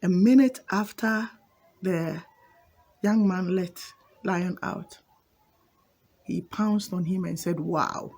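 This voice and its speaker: A woman tells a folk fable and then turns to address listeners directly with its moral. Her voice is husky and mellow, and she speaks in an animated way. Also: fairly low pitch, takes it slowly, long pauses. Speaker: storyteller and adviser.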